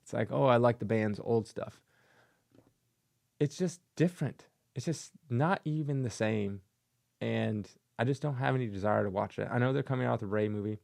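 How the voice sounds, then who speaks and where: A man's voice: mid-range voice, a little fast, creaky, darkish tone. A man hosting his own channel, giving a casual, sarcastic opinion rant and mocking things with silly voices. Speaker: comic collector channel host.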